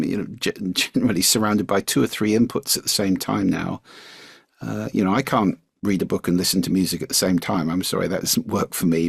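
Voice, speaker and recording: Older male guest, low gravelly voice with a husky edge, measured and articulate, dry close sound. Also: no echo. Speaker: guest speaker. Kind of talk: podcast interview, explaining speaking skills.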